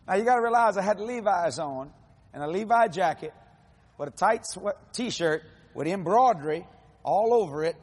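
A husky-voiced preacher in his sixties gives a testimony sermon. His voice sits high for a man, and he tells the story in an animated way, acting out the people in it. His grammar is folksy and casual. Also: moderate pace, big-room sound. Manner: animated storytelling, acts out quotes.

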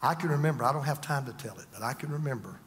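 An older man preaching a sermon as a pastor, dramatic, swinging from loud to hushed. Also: medium pitch, racing, long reverb tail.

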